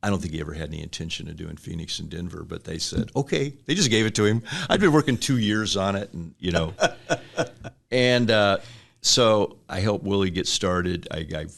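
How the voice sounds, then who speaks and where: A man's voice: low-pitched, normal speed, vocal fry, fairly bright tone. A middle-aged man, telling rambling business stories in a casual interview, acting out quotes with chuckles. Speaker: restaurant franchise owner, guest.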